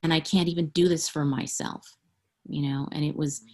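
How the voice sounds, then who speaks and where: Brief: middle-aged woman author, husky and low, frank interview guest who laughs easily. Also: fairly even intonation, normal speed, a little mellow. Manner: candid, frank, laughs often. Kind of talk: interview conversation.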